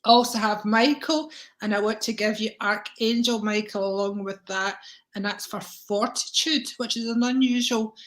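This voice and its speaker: A woman hosting a live-stream card reading, chatty and warm with viewers, calling them darling, with a tickle in her throat. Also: fairly high pitch, steady tone, moderate pace, poor audio. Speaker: psychic reader and livestream host.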